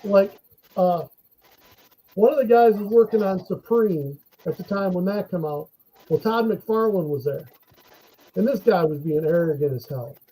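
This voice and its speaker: A man telling animated stories in a casual chat, jumping into the voices of the people he met. His voice sits high, with a husky, mellow tone. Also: a little slow, poor audio. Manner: animated storyteller acting out quotes.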